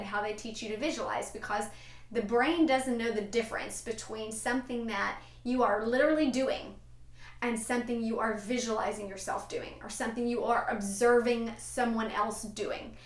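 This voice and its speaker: A woman's voice: a little high, fairly even intonation, normal speed, echoey room. A woman answering a viewer's question in a casual, chatty way, with fillers and light laughs as she explains.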